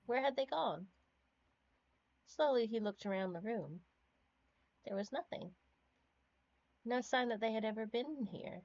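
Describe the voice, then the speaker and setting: A woman streamer reads a game's narrative text aloud, slow and measured. Her voice is dry and close, with no room sound. The audio is a little dull and lo-fi. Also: on the high side, expressive, a little mellow, dry recording. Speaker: streamer reading game text.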